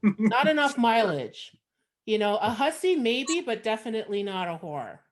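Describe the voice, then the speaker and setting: A woman's voice: on the high side, very animated, moderate pace. A woman from Montreal with a Canadian accent, performing a frank, sardonic stand-up set over a video call. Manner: frank, sardonic, conversational with many fillers. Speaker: stand-up comedian.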